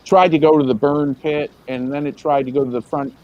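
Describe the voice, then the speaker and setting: A man's voice: on the high side, fairly even intonation, fairly quick, dull audio, a little hiss or hum. A man hosting a casual podcast discussion, hesitant and full of fillers as he recalls details.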